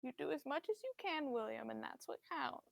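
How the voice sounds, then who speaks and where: A woman voicing a thin, frail aging mother who speaks softly and haltingly, soothing her son. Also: high voice, animated, gravelly, dry recording, heavily acted. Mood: tender. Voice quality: soft, hushed, wavering.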